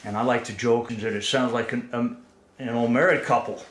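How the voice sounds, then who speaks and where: A man's voice: medium pitch, steady tone, normal speed, slight background noise. Earnest man lecturing in an echoey room. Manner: earnest and analytical, with restarts and "right?" checks. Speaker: presenter. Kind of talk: explanatory lecture talk. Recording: roomy echo.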